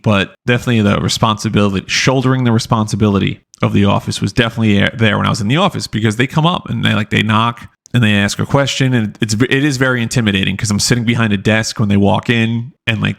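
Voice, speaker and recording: A man's voice: lowish voice, steady tone, fast talker, creaky, hardly any pauses, a bit bright. A man hosting a podcast, telling a rambling, profane story in casual chat full of fillers. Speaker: podcast host.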